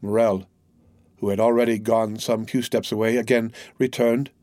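A man narrating a classic novel in a measured, formal way. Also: lowish voice, level tone, darkish tone, no echo. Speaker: audiobook narrator.

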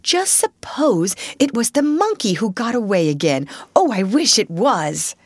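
Woman reads a grateful young girl: bright, coaxing, animated, dry close sound. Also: on the low side, measured pace, no room sound. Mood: excited.

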